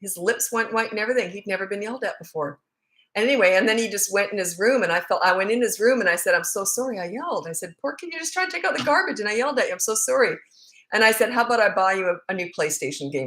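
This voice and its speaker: A woman's voice: lowish voice, a bit bright. A middle-aged woman, a parenting coach, chatting casually on a livestream and telling stories with frequent laughs. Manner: chatty storytelling, laughs often.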